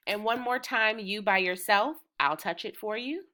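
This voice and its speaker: A woman teaching preschoolers in a slow, sing-song way, chanting patterns and cheering them on. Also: mid-range voice, pushed and bright. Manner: encouraging, drawn-out, rhythmic chanting. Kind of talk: slow, sing-song lesson for small children.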